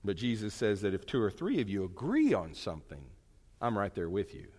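A man's voice: on the low side, huge pitch swings, fairly quick, a little mellow, breathy edge, big-room sound. A man preaching a sermon, retelling a story in a conversational way with chatty asides. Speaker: pastor.

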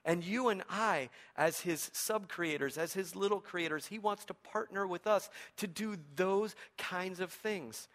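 A man preaching with animated, humorous storytelling, his voice somewhat high and bright with a forceful, tense edge. He swings between quick asides and slower, emphatic points. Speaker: pastor. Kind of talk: sermon.

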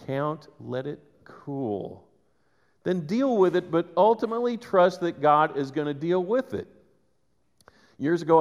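A man preaching a sermon, conversational and animated, with quick asides to the congregation. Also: mid-range voice. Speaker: pastor. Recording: reverberant church hall.

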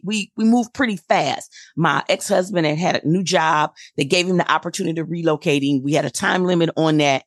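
A woman in her forties telling a personal story in a casual chat, acting out quoted dialogue with lively energy. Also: on the low side, no room sound, studio quality.

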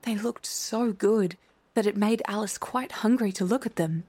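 A woman narrating a classic children's storybook in a measured, clear way. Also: medium pitch, a little mellow. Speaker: audiobook narrator. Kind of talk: storybook reading.

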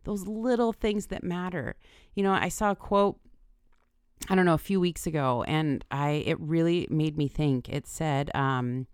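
A woman's voice: deep voice, a little slow, smooth, no echo, clean studio sound. A woman hosting a motivational podcast, speaking earnestly and encouragingly straight to her listeners. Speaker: podcast host.

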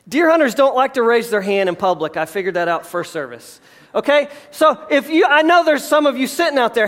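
A pastor preaching a sermon, telling a story with lively asides, jokes and acted-out quotes. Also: male voice, very high voice. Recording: live address to a congregation.

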